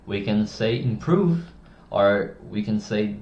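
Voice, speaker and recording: A man's voice: on the low side, lively intonation, measured pace, darkish tone. A man giving communication advice to camera in a casual, blunt, opinionated way, often restarting his sentences. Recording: echoey, dull-sounding room.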